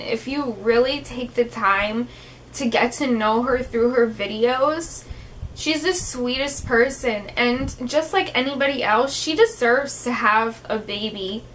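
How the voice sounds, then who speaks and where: A woman's voice: a little high, fairly bright tone, a little hiss or hum. A young woman vlogging in an emotional, heartfelt way, tearful at times, with many fillers like "um" and "like". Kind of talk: emotional personal vlog talk.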